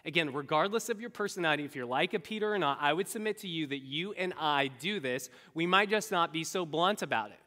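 A man preaching a sermon to his congregation, animated and acting out the voices he quotes. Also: fairly high pitch, quick pace, hardly any pauses. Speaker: pastor. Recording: echoey hall.

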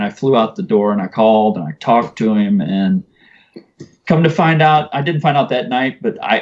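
A man guest telling a personal story in an earnest, conversational way. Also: lowish voice. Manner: earnest, conversational, uses "you know" and "man". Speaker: podcast guest. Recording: muffled lo-fi sound.

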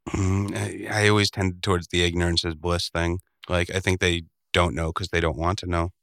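A man co-hosting a podcast, laid-back and quick to laugh, dropping wisecracks. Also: low-pitched, flat delivery, a bit bright, smooth, no room sound, clean studio sound. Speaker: podcast co-host. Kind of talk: casual comedic chat.

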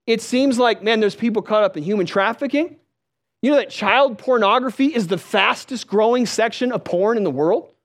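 A man preaching a sermon, telling stories with lively delivery and calling out questions to the congregation. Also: high voice, normal speed. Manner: storytelling, animated, calls out to the crowd.

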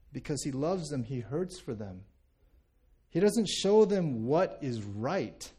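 A man's voice: a little high, dark tone, husky. A man in his thirties, a pastor from the United States, preaching a sermon in a conversational way, often repeating words and checking in with "right?".

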